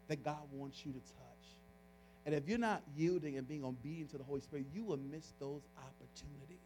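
A man with a high voice preaches to his congregation. He tells a personal story in a lively, animated way. He often restarts his phrases and breaks into laughter. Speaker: pastor. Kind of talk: storytelling sermon.

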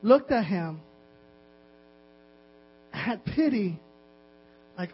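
A man's voice: high voice, expressive, slow pace, long pauses, breathy edge. A man preaching a sermon as a pastor, exhorting his listeners with insistent repetition. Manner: impassioned, repetitive exhortation with laughs. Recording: dull lo-fi recording with mains hum.

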